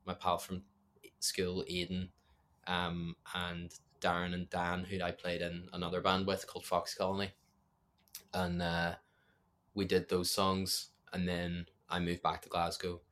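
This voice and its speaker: Young man, Northern Irish accent, low voice, level tone, casual rambling interview chat. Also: completely flat delivery, unhurried, fairly bright tone, slight background noise. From Northern Ireland. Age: young adult. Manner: rambling, self-deprecating, many fillers. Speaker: musician guest.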